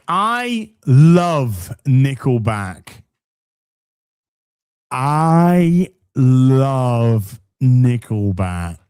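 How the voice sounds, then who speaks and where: An English man co-hosting a podcast, reading out donations in a casual, sweary and jokey way. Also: a little high. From England.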